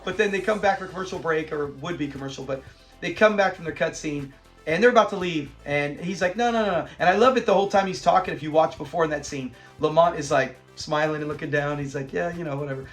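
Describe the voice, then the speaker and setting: A man hosting a casual episode review, retelling scenes with lively acted-out lines and frequent laughs. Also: a little high, fast talker, faint music behind. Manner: animated retelling, acts out the characters' lines, laughs often.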